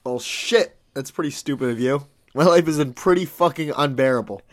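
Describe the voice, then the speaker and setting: A man's voice: on the high side, fairly quick, lightly acted. A man doing a crude, blustering cowardly lion. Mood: whiny. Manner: swaggering, crude, blustering threats. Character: boastful cowardly male lion, foul-mouthed. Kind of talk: comedic read-through.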